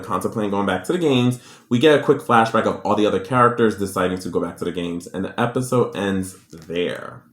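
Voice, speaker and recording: A man giving a casual, sassy recap of a drama episode, with slangy, animated storytelling. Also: lowish voice, roomy sound. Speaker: drama reviewer.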